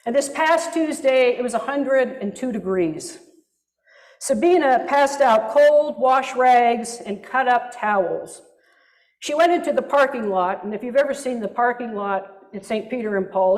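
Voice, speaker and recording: A woman's voice: a little high, a little mellow. A woman pastor preaching a sermon in a reflective manner with wry asides, recorded in a reverberant church hall.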